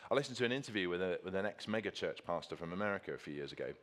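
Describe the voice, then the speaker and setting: A man's voice: deep voice, animated, very fast, fairly bright tone. A man preaching a sermon with slides, earnest and emphatic, repeating key phrases for stress.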